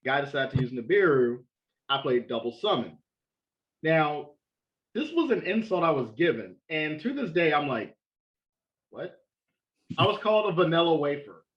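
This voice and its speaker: A man with a fairly high, very lively voice tells a puzzled story on a gaming podcast. His quips are dry and wry, and his line sounds a bit dull and lo-fi. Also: moderate pace. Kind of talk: casual gaming podcast chat.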